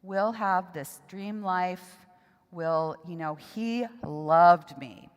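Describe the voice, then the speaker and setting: A middle-aged woman gives a personal testimony at a church seminar. Her voice sits fairly low, and she speaks emotionally, haltingly, with pauses and restarts. The sound rings with a long reverb from a church hall. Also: smooth, muffled recording.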